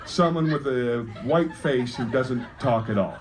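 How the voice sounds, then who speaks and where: A man doing a fast, jokey stand-up comedy routine and bantering with the audience. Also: medium pitch. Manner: quick, jokey, banters with the crowd. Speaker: comedian host. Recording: live show with loud crowd noise. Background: loud crowd laughing.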